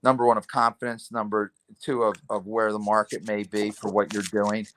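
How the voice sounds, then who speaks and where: Speaking at a normal speed in a lowish, slightly bright voice with little pitch movement, a man in his fifties hosts a podcast over a video call. His casual chat is rambling and enthusiastic, hopping between topics, and there's a little hiss or hum on the line.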